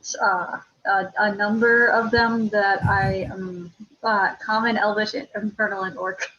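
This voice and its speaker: A woman with a bright, forceful voice plays a tabletop game, asking quick casual questions. Her voice sits in a middle pitch, and the recording sounds dull and lo-fi. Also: level tone, a little hiss or hum. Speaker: player.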